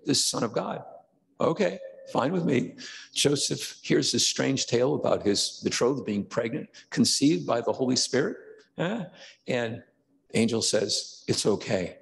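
A man's voice: mid-range voice, gravelly. An older man giving a conversational sermon as pastor, now and then acting out quoted voices. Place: church sanctuary. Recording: long church reverb.

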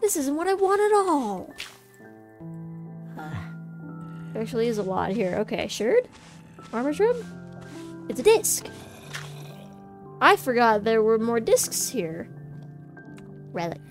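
A woman's voice: a little high, very animated, a little slow, long pauses. A woman hosting a gaming channel, giving casual commentary as she plays and chatting playfully to the game. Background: faint game music.

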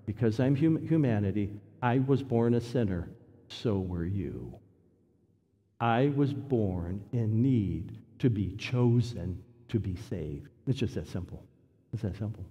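A man preaching a sermon in a church, emphatic, repeating key phrases and swinging between loud declarations and hushed asides. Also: lowish voice, sing-song, measured pace, slightly rough. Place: church sanctuary. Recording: long church reverb.

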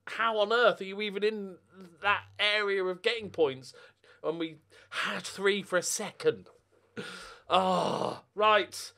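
A man giving casual commentary over a football management game, muttering and then bursting out in loud swearing. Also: high voice, takes it slowly. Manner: swears a lot, swings from mutters to angry outbursts. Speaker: gaming YouTuber.

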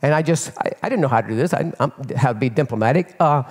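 An older man preaching as a pastor and telling a personal story in an animated, candid way, often repeating words as he builds. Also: mid-range voice, quick pace. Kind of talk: storytelling sermon. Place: church sanctuary. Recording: long reverb of a church hall.

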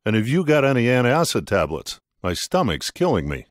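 A man voicing a brash, excitable English male trader who speaks bluntly and exclaims freely. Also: mid-range voice, a little fast, no echo, clean studio sound. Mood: excited.

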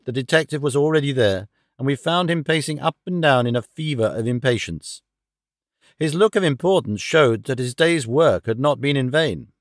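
A man narrating an audiobook in a steady, even storytelling manner. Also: medium pitch, dry recording, studio quality. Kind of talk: scripted narration.

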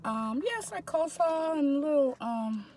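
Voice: sits high, expressive, normal speed, a little mellow, slight background noise. A co-host of a food vlog chatting casually from inside a parked car, upbeat and praising each dish. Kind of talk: casual food-tasting chat.

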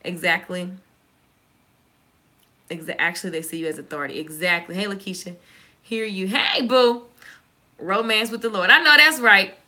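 A woman with a Southern US accent, chatting casually and fast to her viewers, joking and reacting to their comments. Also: mid-range voice, sharp tone. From Southern United States. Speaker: YouTuber. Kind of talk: casual live-stream chat.

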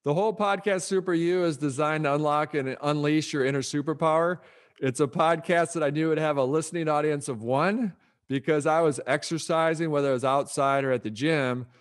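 A man's voice: on the high side, steady tone. A middle-aged man who talks in an upbeat, motivational way as an author guest on a podcast interview. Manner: upbeat, motivational, brisk delivery.

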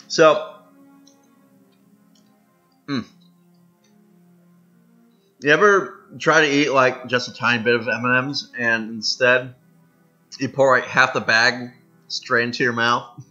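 A man hosts a let's-play, rambling through casual gameplay commentary and amusing himself while munching candy between words. His mid-range voice holds a steady tone yet sounds bright and forceful, and he goes slowly with frequent pauses. The recording is dull and lo-fi, with faint music behind him.

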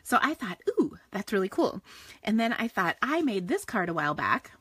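Woman chatting through a live stamping demo, kinda husky, rambly and laughing a lot. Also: medium pitch, very animated, moderate pace, fairly bright tone, dry recording. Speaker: stamping and card-making host. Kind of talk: casual live-stream crafting chat.

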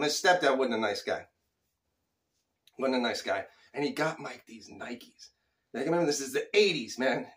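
A middle-aged man from Phoenix, Arizona, telling a childhood story casually, animated and chuckling, with loose slang. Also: a little high.

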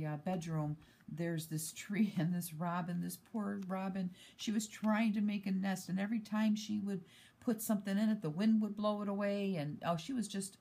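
Chatty middle-aged woman, lowish voice. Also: a little mellow. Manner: rambling, chatty, with many fillers and restarts. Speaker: vlogger. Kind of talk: casual planner flip-through chat.

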